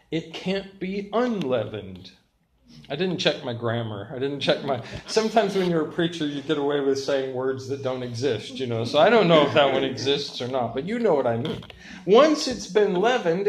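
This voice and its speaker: An older man preaching a sermon as pastor, telling stories with lively, self-mocking humor. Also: mid-range voice.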